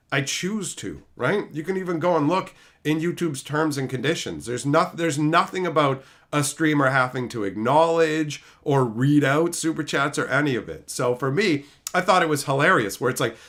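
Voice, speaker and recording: Animated male streamer reading chat. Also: on the high side, moderate pace. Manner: animated, reads chat names aloud, swears freely. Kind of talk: casual live-stream chat.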